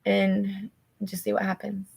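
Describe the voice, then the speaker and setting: Gravelly woman venting on a live stream. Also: mid-range voice, completely flat delivery, unhurried, darkish tone. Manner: frustrated, swearing, venting then reassuring herself. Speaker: tarot reader live-streaming to viewers.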